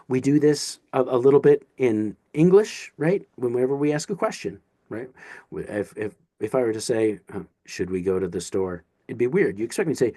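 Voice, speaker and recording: A man's voice: medium pitch, darkish tone, dry recording. A man teaching a casual online lesson, talking in a chatty, encouraging way with asides and restarts. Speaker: Greek teacher.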